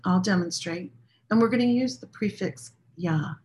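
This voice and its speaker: Woman with a slightly low voice, leading a chant practice; gentle, unhurried, plainspoken and candid. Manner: talks directly to listeners in a plain, candid way. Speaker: meditation and prayer teacher.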